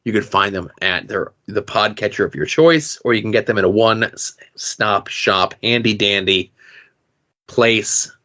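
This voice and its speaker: Low-voiced man reading podcast plugs. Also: a little slow, pushed and bright. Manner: chatty, with filler "uh"s. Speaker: podcast host. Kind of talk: reading show plugs and links. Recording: dull lo-fi audio.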